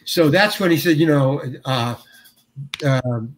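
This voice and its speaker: Being interviewed, an older male actor recounts a story in fits and starts, with frequent restarts and performed quotations. His pitch runs somewhat high.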